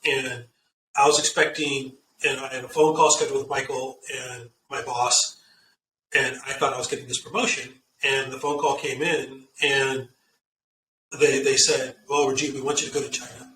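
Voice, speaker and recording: A middle-aged man talking as an interview guest, telling career stories and giving earnest, animated advice. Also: mid-range voice, normal speed, recorded from a distance, slight background noise. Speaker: guest executive. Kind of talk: casual interview chat. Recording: echoey room, off-mic, faint ambience.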